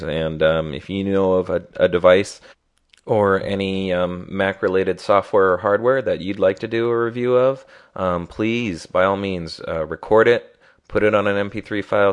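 Deep-voiced man with a nasal, congested voice. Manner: loose, unscripted, many ums and restarts. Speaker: podcast host. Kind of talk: solo podcast monologue.

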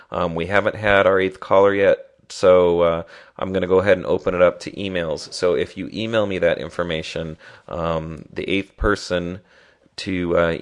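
Deep-voiced man with a nasal, congested voice. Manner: loose, unscripted, many ums and restarts. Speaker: podcast host. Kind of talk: solo podcast monologue.

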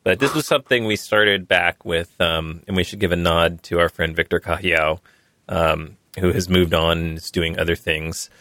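A man's voice: low-pitched, normal speed, no room sound. A man hosting a podcast, reading a sponsor spot and chatting casually with guests. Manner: relaxed, chatty, reads sponsor spots conversationally. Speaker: podcast host. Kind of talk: casual tech podcast talk.

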